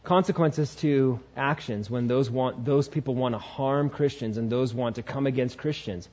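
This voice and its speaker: A male pastor preaching a sermon, driving his point home by repeating key phrases, with dramatic swings in pitch. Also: normal speed, a little mellow. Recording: dull lo-fi sound.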